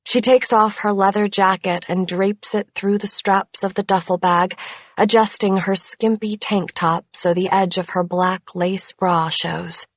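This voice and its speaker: A woman narrating a thriller audiobook in a measured, suspenseful way, close to a studio mic. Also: medium pitch, fairly even intonation, no room sound. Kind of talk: scripted narration.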